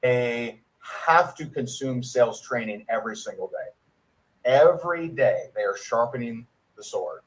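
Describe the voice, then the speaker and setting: A man giving a sales training talk, rambling and clearing his throat often. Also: medium pitch, expressive, measured pace, poor audio.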